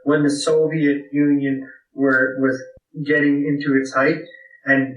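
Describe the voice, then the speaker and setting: A man's voice: mid-range voice, flat delivery, measured pace, lo-fi sound. Drunk rambling podcast man, echoey. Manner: rambling, profane, laughs a lot. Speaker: podcast co-host. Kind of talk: casual chat. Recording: echoey room, far from mic.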